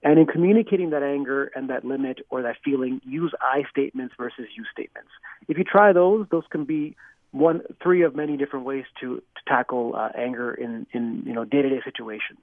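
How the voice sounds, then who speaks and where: A man's voice: mid-range voice, a little fast, dry recording. A man, a clinical psychologist, answering interview questions in an earnest, explanatory way with frequent restarts and "you know". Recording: dry tinny phone line.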